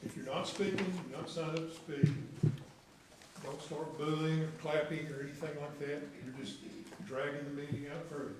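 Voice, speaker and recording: A man's voice: on the high side, steady tone, moderate pace, noisy background. A man chairing a council meeting in a stern, commanding way. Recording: echoey council chamber from far off.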